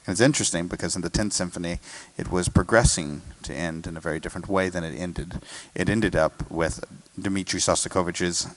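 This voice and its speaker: A man's voice: low voice, fairly quick, hardly any pauses. An American man, a guest conductor, explaining a symphony in an interview and singing snippets of melody to make his points. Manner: sings and hums melodies to illustrate points.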